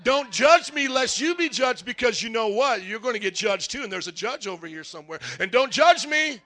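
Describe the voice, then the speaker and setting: A man's voice: very high-pitched, lively intonation, fairly quick, sharp tone. A man preaching a sermon, firing rhetorical questions and acting out little dialogues.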